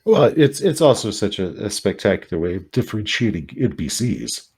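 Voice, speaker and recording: A man with a deep, slightly husky voice co-hosts a casual podcast about tabletop horror games. His pitch swings widely as he talks, and he rambles through asides. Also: moderate pace. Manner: animated, rambling with many asides. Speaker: podcast co-host.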